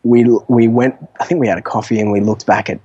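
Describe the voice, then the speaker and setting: A young man chatting as a guest on an interview show, his voice sitting fairly low and recorded close and dry. He tells stories in a loose, animated way, full of fillers and restarts, laughing as he goes. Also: quick pace, breathy edge, no echo, muffled recording. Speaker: podcast guest, entrepreneur. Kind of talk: casual storytelling interview.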